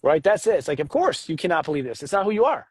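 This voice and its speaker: A man co-hosting a casual spiritual talk about astrology, animated and joking. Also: fast, breathy edge, no room sound. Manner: animated, jokes, acts out voices with big pitch jumps. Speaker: astrology show co-host.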